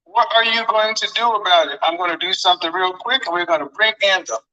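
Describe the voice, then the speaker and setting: A man's voice: high voice, fast talker, bright, forceful tone, far from the mic, dull audio. A man lecturing viewers on dating in emphatic commentary, often repeating his phrases for effect.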